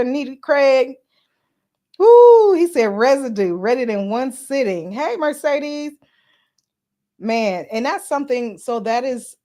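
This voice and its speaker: A woman podcast host with a mid-range voice chats casually on a live stream. She greets commenters by name and speaks earnestly, with some filler words.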